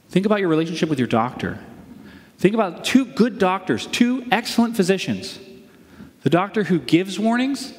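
Male pastor, high voice, conversational sermon full of rhetorical questions, long hall reverb.

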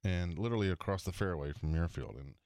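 Lowish male golf storyteller on radio. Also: quick pace, no echo, clean studio sound. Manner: animated storyteller doing character voices. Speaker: golf radio show regular, tour pro. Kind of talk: casual storytelling chat. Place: radio studio.

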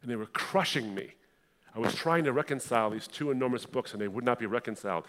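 A young adult man from the Middle East giving a passionate personal testimony in a sermon style, moving between hushed and fiery delivery. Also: mid-range voice, expressive, fast.

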